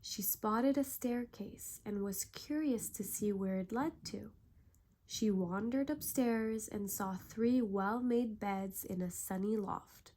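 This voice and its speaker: A woman narrating a bedtime story in a calm, gentle way. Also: mid-range voice, slow pace.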